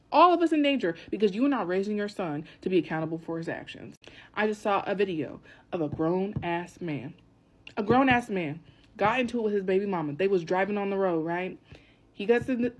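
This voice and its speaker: A woman telling a story casually to camera in an animated, emphatic, profane way. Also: medium pitch.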